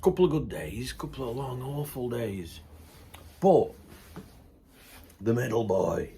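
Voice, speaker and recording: A man's voice: mid-range voice, animated, takes it slowly, mellow, a little hiss or hum. A middle-aged man, chatting casually to camera, ranting bluntly, then laughing it off with good humour. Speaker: vlogger.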